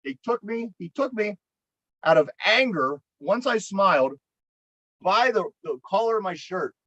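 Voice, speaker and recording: Pittsburgh guy with a high voice rambling through a story, swears a lot, dry muffled sound. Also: lively intonation, unhurried, fairly bright tone, dry recording. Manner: rambling, profane, repeats words when worked up. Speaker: podcast co-host. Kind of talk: casual storytelling chat.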